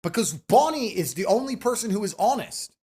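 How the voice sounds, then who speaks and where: A man ranting forcefully and profanely in a heated podcast debate. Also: sits high, very animated, a little fast, husky. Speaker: podcast guest.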